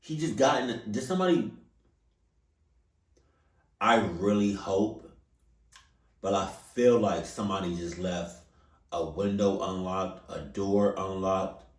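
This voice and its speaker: A man hosting a reaction video, talking in a casual, animated way, stammering and repeating himself. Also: deep voice, slow, pauses often. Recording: echoey room, mic at a distance.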